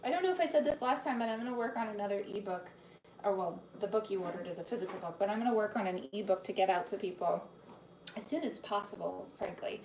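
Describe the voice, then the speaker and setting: A woman's voice: mid-range voice, distant mic, noisy background. Chatty woman in an echoey kitchen. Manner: chatty, greets viewers by name, trails off and restarts. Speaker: cooking demo host and cookbook author. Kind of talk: live-streamed cooking demonstration. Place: home kitchen.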